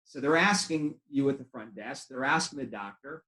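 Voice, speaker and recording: Male practice coach, fairly high voice, chatty storyteller, roomy echo. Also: animated, normal speed, hardly any pauses, a bit bright. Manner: conversational storytelling with acted quotes. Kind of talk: training talk to chiropractors.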